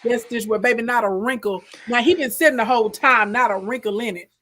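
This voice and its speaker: A woman's voice: on the high side, brisk. A woman with a Southern accent giving casual, sassy commentary on court footage, often calling the audience "baby" and "y'all". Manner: animated, sassy, repeats "baby" and "okay".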